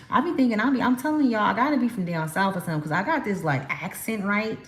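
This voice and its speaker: A woman's voice: medium pitch, expressive, quick pace, few pauses. A woman from California giving a casual spiritual card reading, talking emphatically to her viewers in a chatty, slangy way. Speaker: tarot card reader. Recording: echoey room.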